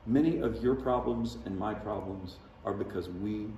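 With a fairly low, warm voice at a moderate pace, a pastor delivers a conversational sermon and acts out quotes dramatically. The recording comes from a distance in a large, echoey church sanctuary.

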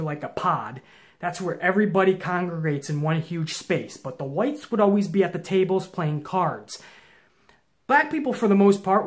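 A young man hosts his own show and tells viewers a long story. His delivery is casual, profane and intense, swinging between low mutters and loud challenges.

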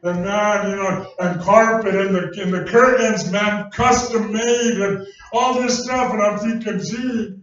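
A man with a high voice preaches a sermon, talking in a folksy, conversational storytelling way. He is recorded from a distance in a very echoey church hall. The sound is dull and muffled. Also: fairly even intonation, unhurried, fairly bright tone. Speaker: pastor.

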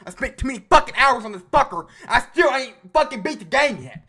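A man giving loud, profane, frustrated commentary while playing a video game. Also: very high voice, animated, brisk, hardly any pauses. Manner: loud outbursts and yelling. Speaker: gaming video creator. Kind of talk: gaming commentary.

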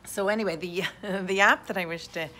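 A woman's voice: mid-range voice, steady tone, a little fast, sharp tone, slight background noise. A woman realtor from Europe giving an upbeat video update from home on a desktop microphone, positive and full of "uh" fillers. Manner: enthusiastic and positive, with many "uh" fillers. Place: indoors at home. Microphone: USB desktop condenser microphone.

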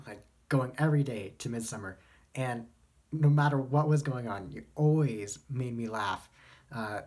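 A teenage young man giving a casual recorded farewell message in an upbeat, easygoing way, with filler words. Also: mid-range voice. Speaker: student theater member closing the video.

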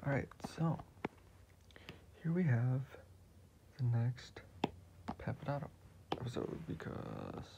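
A man rambles and jokes while he narrates his drawing, in a gravelly, fry-heavy voice at an ordinary pitch. The recording is muffled and lo-fi, with a clear hiss throughout. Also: wildly swooping pitch, slow, pauses often. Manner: rambling, jokey. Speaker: video creator.

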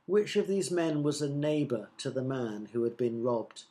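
A man voicing Jesus as a gentle, firm storyteller in a children's Bible story. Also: mid-range voice, lively intonation, normal speed, natural voice. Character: kindly calm male storyteller teacher Jesus.

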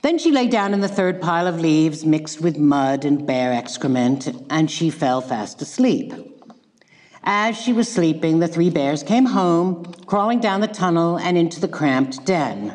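Woman lecturer, wry deadpan delivery, lively pitch, echoey hall. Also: a little slow. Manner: dry, ironic, deadpan asides. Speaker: guest lecturer. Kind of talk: public lecture, retelling a tale.

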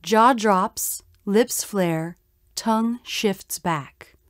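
A woman explains mouth positions at a deliberately slow pace, pausing to model each vowel. Her voice sits at an ordinary pitch. The sound is dry and close, with no room around it. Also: no room sound. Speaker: pronunciation teacher. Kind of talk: scripted instructional narration.

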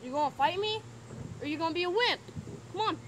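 High-voiced young woman teasing playfully. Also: lively intonation, fast, fairly bright tone, a little hiss or hum. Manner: playful, teasing trash talk. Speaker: vlogger. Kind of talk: casual home vlog. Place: house, indoors and outside.

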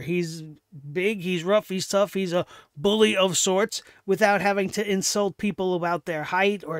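A man's voice: high voice, smooth, no room sound, clean studio sound. A man hosting a wrestling review show, giving solo commentary in a sarcastic, exasperated rant that turns profane.

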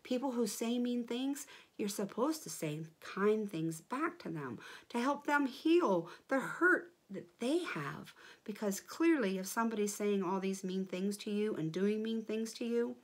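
A woman leading a children's church lesson, speaking in an encouraging way to kids. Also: medium pitch.

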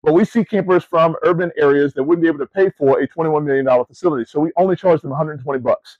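A middle-aged man preaching a sermon in an animated, conversational storytelling style, calling his listeners family and y'all, with rising emphatic questions. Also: a little high, no room sound, highs cut off. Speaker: preacher and camp ministry CEO. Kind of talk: sermon to student athletes.

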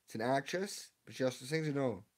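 A man's voice: mid-range voice, expressive, fairly quick. A young man live-streaming, reading his chat and opening card packs, confused and laughing, often repeating himself.

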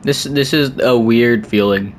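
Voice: medium pitch, a little slow, slight background noise. A streamer playing a horror game live, reacting with jokes and sudden exclamations while chatting with viewers. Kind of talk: live gameplay commentary.

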